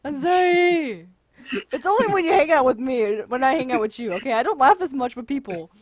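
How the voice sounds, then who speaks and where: A channel host with a high, expressive voice chats fairly quickly with a friend over a voice call from her room at home, and the recording has no room sound. She giggles constantly, breaks into laughing fits, and teases him in a bossy way.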